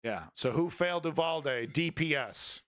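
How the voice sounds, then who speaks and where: Male stream host, slightly high and bright voice, blunt and rambling, swears freely. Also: a little slow, a faint crowd. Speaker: news commentary host. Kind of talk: casual political commentary stream.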